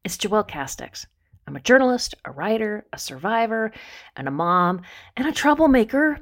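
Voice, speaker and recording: A woman in her forties from Southern California, hosting a podcast with lively, playful scripted storytelling. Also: mid-range voice, moderate pace. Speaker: podcast host.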